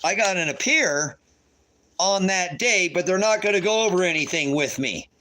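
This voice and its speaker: A man's voice: high voice, expressive, moderate pace, sharp tone. A man angrily ranting on his livestream while reading court papers aloud, swearing and repeating himself. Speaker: livestream host. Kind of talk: agitated livestream rant.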